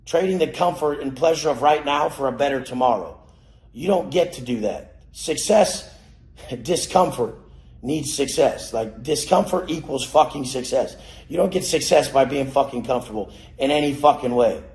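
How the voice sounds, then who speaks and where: A man giving a profane, aggressive motivational rant, cursing and yelling at his listeners. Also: mid-range voice, moderate pace. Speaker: motivational speaker. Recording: roomy echo.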